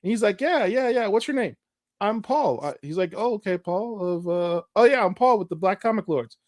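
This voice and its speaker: Excitable podcast man, swinging pitch, trips over his words. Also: normal speed, no echo, studio quality. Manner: excited storytelling, acts out quotes, stammers. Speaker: podcast co-host. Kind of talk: casual chat.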